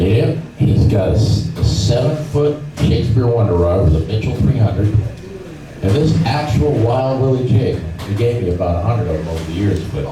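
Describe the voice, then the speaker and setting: A middle-aged man with a fairly low voice, a fishing guide, tells fishing stories in a club talk. He's an animated storyteller, acting out voices and sounds in this seminar-style session, captured from far off in a noisy, echoey room.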